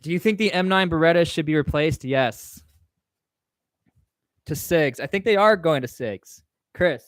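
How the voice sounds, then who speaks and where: A man's voice: fairly high pitch, unhurried, pauses often, dry recording, studio quality. A man hosting a casual livestream Q&A, reading chat questions aloud and answering in a rambling, offhand way. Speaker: livestream host.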